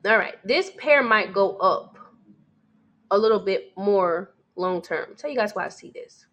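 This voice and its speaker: A woman's voice: medium pitch, animated, unhurried, fairly bright tone. A woman, a forex trading coach, going over charts on a live stream in a casual way and speaking straight to her viewers. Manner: casual, talks to viewers, calls them sweetie and baby.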